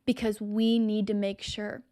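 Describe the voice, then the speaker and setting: A woman's voice: medium pitch, little pitch movement, unhurried, warm tone. A woman hosting her own show, delivering impassioned, emphatic opinion commentary straight to the viewer. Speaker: show host.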